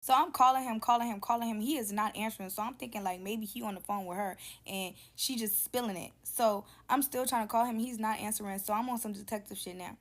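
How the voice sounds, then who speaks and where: A woman's voice: a little high, fast talker, few pauses. A young woman tells a personal story straight to camera, casual and sassy, swearing freely. She jumps in and out of quoting people, acting out their lines with plenty of attitude. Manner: animated, profane, sassy, acts out quotes.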